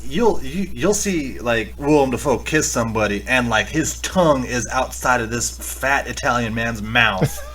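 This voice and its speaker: A man's voice: mid-range voice, animated, unhurried, fairly bright tone, slight background noise. A man co-hosting a podcast, chatting casually and profanely about a horror movie and laughing as he retells scenes. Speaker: podcast co-host.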